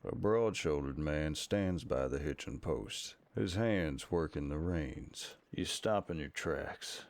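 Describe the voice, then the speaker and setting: A man giving scripted second-person narration for a game in a measured, even way. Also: rumbling low, no room sound, full character voice.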